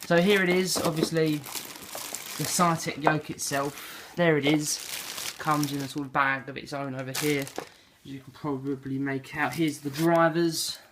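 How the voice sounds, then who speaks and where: A young man from England unboxes something in his bedroom, speaking a little slowly with a flat delivery and a fairly high pitch. His rambling chat is full of fillers and self-deprecating remarks. The noisy handheld camera audio picks up clicks and crinkling packaging.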